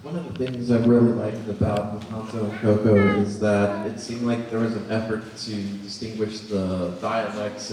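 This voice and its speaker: A man with a Texan accent in the audience, earnestly asking a question with lots of "you know". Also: on the low side. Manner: earnest, conversational, uses fillers like "you know". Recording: echoey hall, distant mic, crowd noise.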